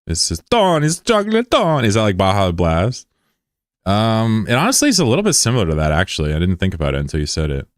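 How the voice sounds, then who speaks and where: A young man streams a game and chats with viewers in a joking, sarcastic, rambling way. His voice sits very low, and the sound is dry and close to the mic. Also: big pitch swings, fast, clean tone, no echo. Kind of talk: casual livestream chat.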